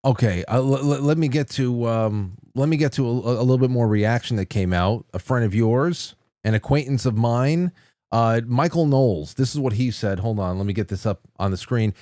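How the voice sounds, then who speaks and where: A mid-pitched man hosts a podcast and puts his questions together haltingly, with many restarts. His voice is recorded dry and close. He sounds casual and conversational. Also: mellow, no room sound. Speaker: podcast host.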